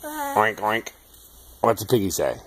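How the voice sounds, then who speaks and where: A man talking baby talk to his toddler, asking slow sing-song questions and making animal sounds. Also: lowish voice, huge pitch swings. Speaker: parent.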